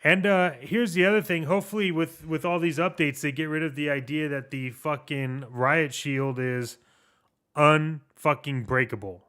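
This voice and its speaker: Bright, clear-voiced man rambling about games. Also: a little high, fairly even intonation, moderate pace, few pauses. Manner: rambling, restarts sentences, swears casually. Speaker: podcast co-host. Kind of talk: casual chat about video games.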